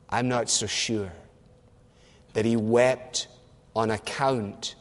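Preacher guy, earnest and emphatic, drags out key words, long echo in a big church. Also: fairly low pitch. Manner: earnest, emphatic, repeats and slows words for weight. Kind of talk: sermon.

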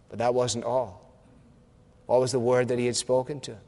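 In a large hall, a man delivers a sermon earnestly and emphatically, repeating phrases and slowing on key words. His mid-range voice stays level and warm.

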